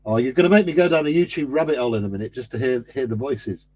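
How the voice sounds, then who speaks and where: A man in a casual chat, chiming in with quick, enthusiastic remarks. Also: medium pitch, animated, warm tone.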